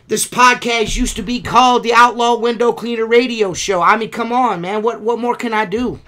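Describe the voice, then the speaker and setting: A man's voice: extremely high pitch, fairly even intonation, moderate pace, hardly any pauses, pushed and bright. A man hosting a podcast, ranting in a profane, exasperated way. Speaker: podcast host. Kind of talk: casual podcast rant.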